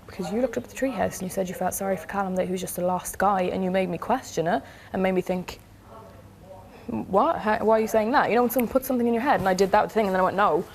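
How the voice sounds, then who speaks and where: Fast-talking woman retelling an argument. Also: lowish voice. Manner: rapid, retelling with quoted dialogue. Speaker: reality show contestant. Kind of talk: heated casual chat. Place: house living area, indoors.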